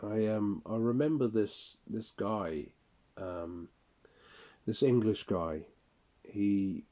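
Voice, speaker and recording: A man's voice: lowish voice, takes it slowly, mellow. A man speaking a casual monologue for his audio log, rambling, profane and weary.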